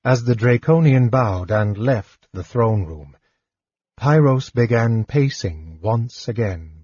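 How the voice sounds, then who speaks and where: A man narrating an audiobook in an even, measured reading. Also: fairly low pitch, breathy edge, no room sound. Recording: dull, dry lo-fi recording.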